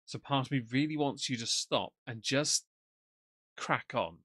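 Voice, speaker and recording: Guy riffing dry and mocking on a live stream, bright crisp voice, dead dry mic. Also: medium pitch, expressive, unhurried, no echo. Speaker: livestream commentator. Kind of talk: sarcastic live commentary. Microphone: desk mic, off camera.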